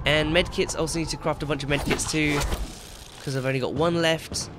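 A man's voice: on the high side, fairly even intonation, brisk, over music. A man commentating his own video game play, yelping and swearing whenever he gets startled. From England. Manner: jumpy, yelps and swears when startled. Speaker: gaming YouTuber.

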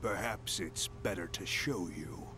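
A sinister demon tempter. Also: male voice, sits low, measured pace, bright, forceful tone, soft background music. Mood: menacing. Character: sinister male demon tempter, smooth-talking. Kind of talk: video game voice acting.

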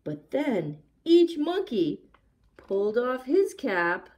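Slow, expressive woman reading story time. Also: fairly high pitch. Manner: slow, expressive, asks young listeners questions. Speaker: children's librarian. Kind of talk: story time read-aloud.

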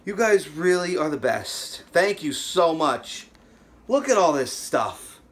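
A man hosting an unboxing vlog, exclaiming loudly over fan mail and swinging between shouts and muttered asides. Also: a little high, big pitch swings, takes it slowly.

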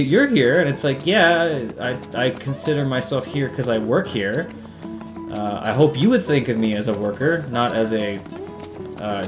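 A young man doing casual, profane, sarcastic commentary while playing a video game. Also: mid-range voice. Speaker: let's play host. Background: game music.

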